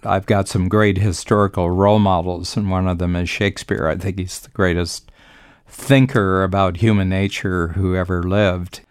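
A very low, gravelly voice belongs to an older man speaking with easy confidence on a business podcast. He talks in long, reflective stretches. The sound is close and dry, with no room around it. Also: fairly even intonation, moderate pace, dry recording. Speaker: business coach and podcast host. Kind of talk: conversational podcast talk.

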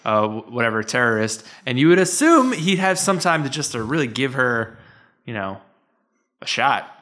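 A man's voice: medium pitch, sing-song, normal speed, pushed and bright. A man co-hosting a podcast, joking around in casual chat. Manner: chatty, jokey, laughs easily. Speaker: podcast co-host.

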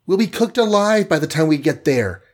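A man reading aloud who voices a quick, alarmed young heroine with a raised, breathless pitch. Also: fairly even intonation, close to an everyday voice. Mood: fearful. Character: young adult woman hero, quick and alarmed.

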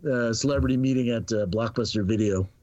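A middle-aged man telling a story on a podcast, casual and animated, acting out the dialogue and laughing often. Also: medium pitch, quick pace, dry recording, muffled recording. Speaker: podcast guest.

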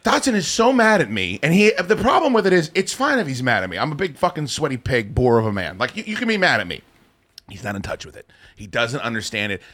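A man's voice: medium pitch, huge pitch swings, fast talker, fairly bright tone. A man hosting a radio show, ranting and swearing with sarcastic banter into a studio microphone. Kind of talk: profane live radio banter.

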